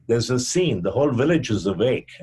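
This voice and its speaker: An older man from India tells his story slowly and carefully, giving each quoted speaker a voice of their own. His voice is breathy and husky at a middle pitch. He speaks as a physician guest on a podcast. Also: sing-song, a little mellow. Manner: measured storyteller who acts out quoted dialogue.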